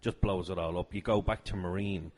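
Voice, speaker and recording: Low-voiced man eagerly retelling scenes. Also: steady tone, brisk. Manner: enthusiastic retelling with shouted quotes. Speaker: podcast guest. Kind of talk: casual chat.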